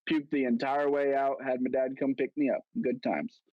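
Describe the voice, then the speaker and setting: A man's voice: mid-range voice, moderate pace, no room sound, muffled recording. A young man co-hosting a podcast, telling stories in casual chat and acting out what people said. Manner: animated, acts out quotes in a raised voice. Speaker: podcast co-host.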